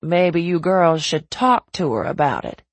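A woman voicing a wry, dying grandmother from the American South with a low, drawling Southern accent. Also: lively intonation, unhurried, no echo. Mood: dry teasing. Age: older.

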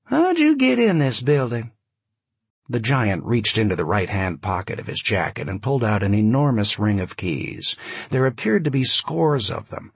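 Male audiobook narrator, lively delivery, husky voice, dry close sound. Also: lowish voice, moderate pace, no echo. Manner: vivid, expressive storytelling. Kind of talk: scripted narration.

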